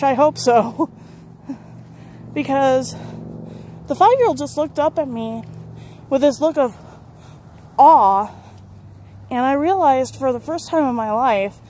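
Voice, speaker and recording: A woman's voice: sits high, darkish tone, a little hiss or hum. A young adult woman telling a personal story to camera, candid and rambling, often laughing and correcting herself. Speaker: vlogger.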